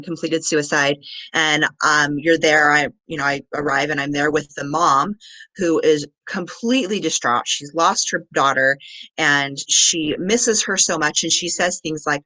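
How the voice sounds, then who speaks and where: Woman trainer, bright and dry, earnest and patient, with an unpolished live-presentation delivery. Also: deep voice, no echo. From Southern Nevada. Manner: earnest, explains step by step with many ums. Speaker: crisis support trainer.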